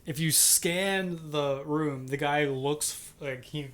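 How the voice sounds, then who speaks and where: A man co-hosting a casual podcast who tells stories in an animated way and acts out the quoted lines. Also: a little high, takes it slowly. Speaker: podcast co-host. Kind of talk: casual chat.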